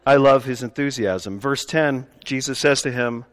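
Speaking at a normal speed in a mid-range, slightly bright voice, a male pastor preaches conversationally with jokey asides for the congregation. He's in a church sanctuary, where the sound carries a long reverb.

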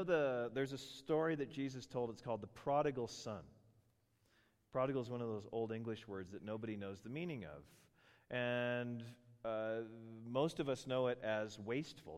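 A middle-aged man preaching a sermon, telling stories with animated asides and funny voices for characters. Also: lowish voice. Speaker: pastor. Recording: long reverb of a large hall.

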